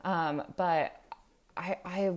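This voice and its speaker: A woman's voice: fairly low pitch, steady tone, very slow. A woman in her thirties hosting a casual solo podcast, chatty and a bit self-conscious, with frequent ums. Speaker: podcast host.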